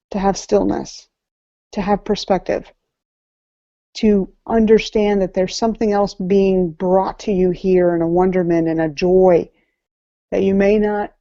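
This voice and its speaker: Warm-voiced woman life coach speaking. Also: mid-range voice, no echo. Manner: earnest, repeats key phrases for emphasis. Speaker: life coach giving a talk. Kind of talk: motivational talk with slides. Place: event venue before an audience. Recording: slightly muffled, dry recording.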